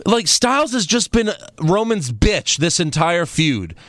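A man hosting a casual chat, recapping events in an animated, rambling way and swearing freely. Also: high-pitched, unhurried, no echo. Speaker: podcast host recapping wrestling.

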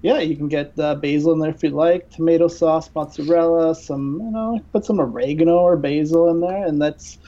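A man's voice: a little high, a little fast, hardly any pauses, warm tone, highs cut off. A man playing a guest cook on a pretend cooking show, joking and rambling with lots of fillers. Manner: playful, rambling with many fillers. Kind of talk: improvised mock cooking show chat.

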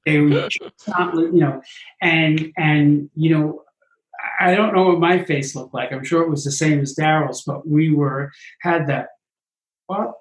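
A man, a Broadway producer, telling animated stories in an interview and acting out what others said. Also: a little high, measured pace, echoey room, poor audio. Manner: animated anecdotes, acts out quotes. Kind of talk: interview storytelling.

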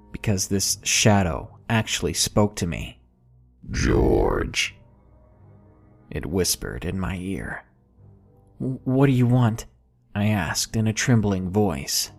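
A man reading out a true scary story in a measured, unhurried way. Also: on the low side. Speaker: narrator. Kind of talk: scripted horror story narration. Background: faint background music.

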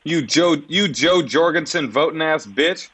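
A male guest comedian riffing in improvised banter, switching between mock-serious remarks and rapid-fire insults. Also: a little high, lively intonation, background noise.

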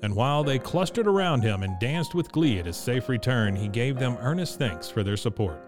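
A man narrating a classic storybook in a steady, measured reading. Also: mid-range voice, music in the background. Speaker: audiobook narrator.

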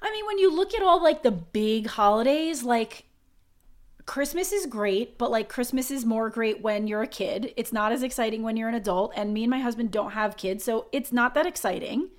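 A woman's voice: fairly high pitch, moderate pace. A woman co-hosting a podcast, talking in a bubbly, chatty way full of fillers. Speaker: podcast co-host. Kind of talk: casual chat and read sponsor spot.

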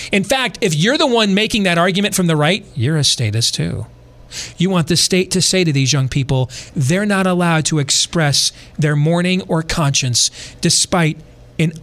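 A middle-aged podcast host delivers preachy, impassioned political commentary packed with rhetorical questions. His voice is high with a fairly bright tone.

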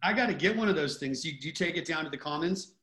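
A man with a slightly high voice, friendly and teasing in casual podcast banter. His voice carries a roomy echo. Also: lively intonation, fast, pushed and bright. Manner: friendly, teasing, calls others dude and brother.

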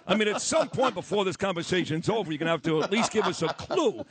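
A man's voice: high-pitched, lively intonation, fast talker, crowd noise. A man hosting a live radio talk show, boisterous and joking with a guest. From New York. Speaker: radio host.

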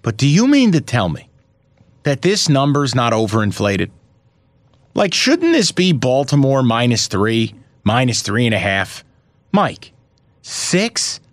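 Brief: male co-host, average pitch, dry mic, theatrical fake fury, curses freely. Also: very animated, unhurried, no room sound. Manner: theatrical mock outrage, profane, pitch jumps up sharply when riled. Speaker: sports betting podcast co-host. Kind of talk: casual sports betting chat.

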